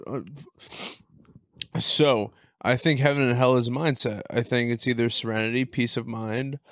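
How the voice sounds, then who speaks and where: A man's voice: medium pitch, fairly even intonation, normal speed, a bit bright, no echo, studio quality. A man in casual comedic podcast chat, earnest and rambling, often losing his thread.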